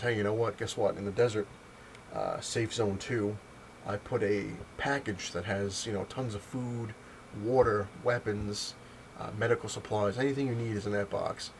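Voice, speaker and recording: Man, low voice, rambling casual comic review with a lot of fillers; faint hiss in the recording. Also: poor audio. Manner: rambling, lots of fillers and retold dialogue. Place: home, on a couch.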